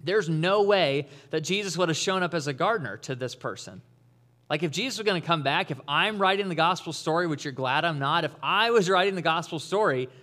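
A man preaching an Easter sermon in a conversational, animated way, acting out the people he quotes. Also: a little high. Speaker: pastor.

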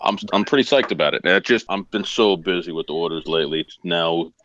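A man on a podcast, talking in a deadpan, self-deprecating way. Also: low voice, fairly quick, lo-fi sound, a little hiss or hum. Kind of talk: casual chat.

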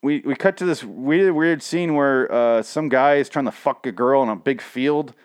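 A man hosts a casual, profane comic recap. He rants and swears freely in an animated way. His voice sits in a mid range. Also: mid-range voice, moderate pace, clean tone.

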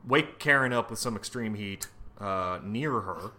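A man's voice: fairly low pitch, measured pace, pushed and bright. A man co-hosting a podcast, recapping a comic book in casual, profane chat full of fillers and restarts. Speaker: podcast co-host.

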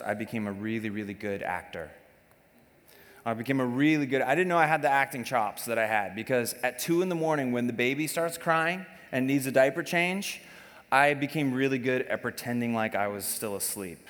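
Pastor, man, 30s, lively joking sermon delivery in a church hall with long reverb. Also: medium pitch. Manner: animated, joking, acts out quotes.

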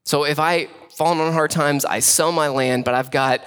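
A man's voice: a little high, steady tone, moderate pace, a bit bright, smooth. A young adult man, a pastor, preaching a sermon in a casual, conversational way with many fillers.

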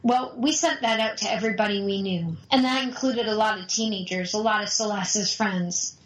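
A middle-aged woman, a mother, telling a personal family story in an animated, emotional way. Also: mid-range voice, normal speed, low-quality recording.

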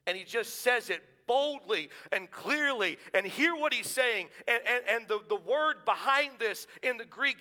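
Bright-voiced preacher in a reverberant hall. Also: male voice, very high voice, animated, unhurried, few pauses. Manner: earnest, rhetorical questions, building to emphatic declarations. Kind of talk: sermon.

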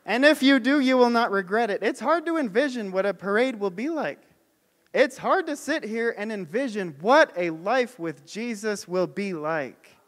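This pastor has a high, slightly bright voice, animated yet measured in pace, as he preaches by telling stories and posing questions to his congregation. A long hall reverb hangs on the recording.

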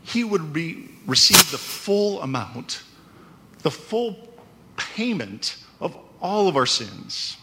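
A man's voice: a little high, big pitch swings, takes it slowly, very noisy. A man preaching a conversational sermon, often checking in with "right?". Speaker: pastor.

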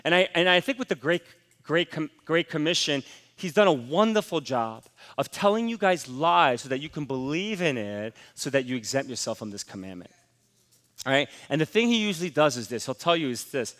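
A man preaching a sermon as pastor, emphatic and rising to forceful exhortation. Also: a little high, big pitch swings, a little fast, in a large hall.

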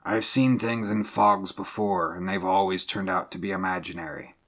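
A man voicing a scornful, skeptical second mate in a read-aloud sea story, speaking slowly and dismissively. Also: low voice, steady tone, a bit bright.

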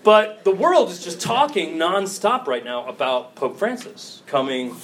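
Priest, 40s, slightly higher voice, jokey lively talk to students, faint hum behind. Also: male voice, unhurried, recorded from a distance. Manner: animated, jokey, laughing asides. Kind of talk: casual talk to college students. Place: campus ministry gathering.

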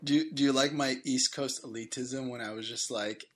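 A podcast co-host from Boston in casual chat, animated and quick to laugh. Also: male voice, medium pitch. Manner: animated, laughs often, trails into asides.

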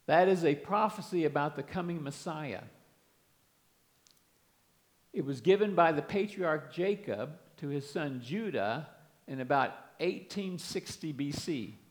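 A man's voice: fairly high pitch, lively intonation, normal speed. A man preaching a sermon, earnestly explaining and reading scripture aloud with emphasis.

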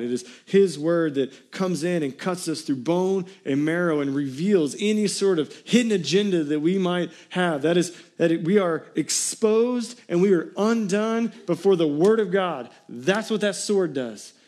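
A man's voice: fairly high pitch, darkish tone. A man preaching a sermon as pastor, reading scripture and pressing points on the congregation with direct questions.

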